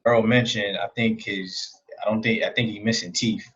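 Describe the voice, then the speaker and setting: A man co-hosting a boxing talk show, chatting in a relaxed, hesitant way. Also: lowish voice, moderate pace, husky, lo-fi sound. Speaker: boxing podcast co-host. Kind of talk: casual chat.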